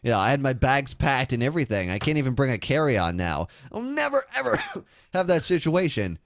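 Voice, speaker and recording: Animated, crude comic talk-show man. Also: medium pitch, brisk, no echo, studio quality. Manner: animated, crude, slips into mocking impressions. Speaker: radio show co-host. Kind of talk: irreverent comedic talk show banter.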